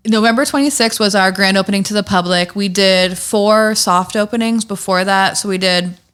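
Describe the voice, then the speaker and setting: A woman's voice: medium pitch, normal speed, fairly bright tone, clean tone. A woman talking casually on a podcast as a guest, upbeat and chatty, with lots of "like" and "um". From Pittsburgh area. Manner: chatty, upbeat storyteller with frequent "like" and "um". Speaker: guest, candle shop owner.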